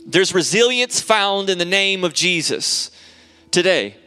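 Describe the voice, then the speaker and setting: Bright-voiced pastor in a reverberant church. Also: male voice, high voice, expressive, measured pace, clear, resonant tone, faint music behind. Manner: earnest, repetitive, builds to fervent prayer. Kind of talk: sermon. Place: church sanctuary. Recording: long hall reverb in a church.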